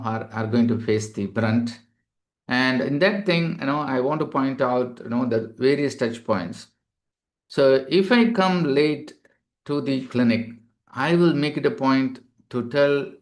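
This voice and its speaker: A male doctor giving a webinar lecture to healthcare staff, explaining patiently and filling pauses with "you know". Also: mid-range voice.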